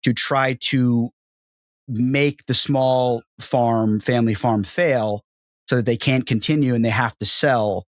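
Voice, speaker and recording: A man's voice: mid-range voice, steady tone, slow, dry recording. An American man hosting a podcast, talking in loose, rambling runs full of restarts. His voice sits mid-range and is recorded close and dry, with no room sound. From United States. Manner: rambling, repeats himself, says "like" a lot. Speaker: podcast host. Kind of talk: casual interview chat.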